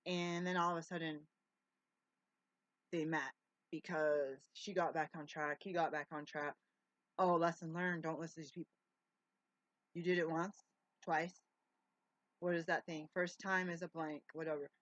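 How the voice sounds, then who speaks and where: A woman's voice: deep voice, steady tone, moderate pace, pauses often, a bit bright, dry recording. A middle-aged woman talking to camera at home in a casual, rambling monologue, jumping between tangents and restarting her words. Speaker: vlogger. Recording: dry, slightly dull lo-fi sound.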